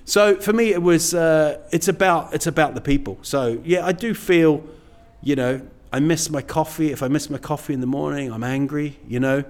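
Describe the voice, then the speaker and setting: A man's voice: fairly high pitch, moderate pace, few pauses. A middle-aged man, a stand-up comedian, chatting casually as an interview guest in a rambling, self-deprecating way. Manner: rambling, self-deprecating, many "you know"s.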